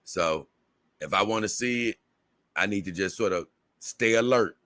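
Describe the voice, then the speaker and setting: Bright-voiced Southern man chatting on a livestream. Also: fairly low pitch, moderate pace, no room sound, clean studio sound. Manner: rambling, repeats words, laughs often. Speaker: livestream host. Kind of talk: casual livestream chat reading viewer comments.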